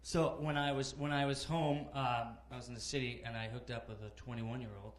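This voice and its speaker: A man in his thirties doing a conversational stand-up set in a comedy club, animated storytelling with acted-out characters. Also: mid-range voice, fairly quick, echoey room, slight background noise. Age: 30s. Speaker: stand-up comic.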